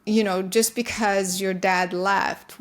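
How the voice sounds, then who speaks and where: A woman guest in an interview, earnestly explaining her ideas in quick bursts with frequent restarts. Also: mid-range voice, fairly even intonation. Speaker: guest, consciousness researcher. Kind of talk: interview conversation.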